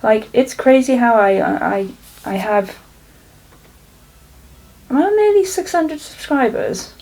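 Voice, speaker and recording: A woman's voice: a little high, sing-song, slow, a little mellow, rough recording. A young woman from South Wales, chatting and rambling her way through a makeup tutorial at home, swearing freely. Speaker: beauty vlogger. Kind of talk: casual makeup tutorial chat. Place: home, indoors.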